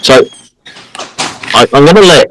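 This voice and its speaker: A man's voice: on the high side, animated, a little slow, a bit bright, a little hiss or hum, low-quality recording. A man co-hosting a podcast, telling a story in a casual, emphatic way and acting out the people he quotes. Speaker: podcast co-host.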